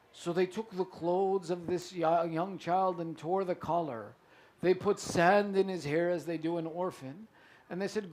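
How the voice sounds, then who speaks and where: A male preacher telling a mournful story in a sermon, slow and dramatic, with pauses. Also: high-pitched, fairly even intonation, a little mellow.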